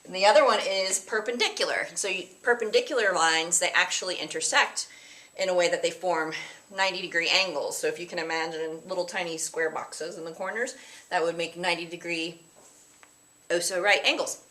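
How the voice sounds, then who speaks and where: Bright-voiced woman teaching a math lesson. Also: lowish voice, fairly even intonation, brisk. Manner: chatty, explains with sing-song mnemonics and playful put-on voices. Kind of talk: recorded math lesson for students.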